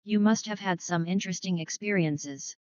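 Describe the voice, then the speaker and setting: A woman's voice: medium pitch, moderate pace, darkish tone, dry recording, close to an everyday voice. Woman doing a grumpy old colonel, clipped, dry dull audio. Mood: grumbling. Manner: gruff, clipped. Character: gruff older retired colonel, blustering.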